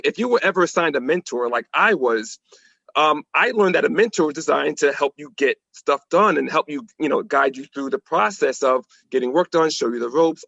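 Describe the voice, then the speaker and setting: A man as a podcast guest, telling anecdotes in an animated way and acting out the quotes. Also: on the high side, creaky, dry recording, muffled recording. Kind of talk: storytelling in a podcast conversation.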